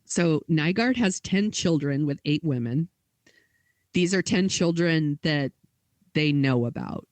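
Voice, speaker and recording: A woman's voice: low-pitched, lively intonation, slow pace, a little mellow, dry recording. A woman co-hosting a podcast, telling a story in casual chat with lots of "like" and quoted dialogue. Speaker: podcast co-host.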